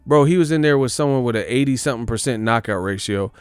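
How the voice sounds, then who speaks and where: A man's voice: mid-range voice, quick pace, clean tone, no echo. A man hosting his own channel, ranting casually about boxing in a joking, profane, trash-talking way. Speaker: boxing commentator, channel host. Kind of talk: casual boxing commentary rant.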